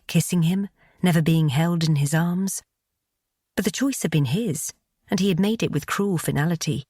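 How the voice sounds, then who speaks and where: Low husky woman narrating an audiobook. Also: a little mellow, no echo, clean studio sound.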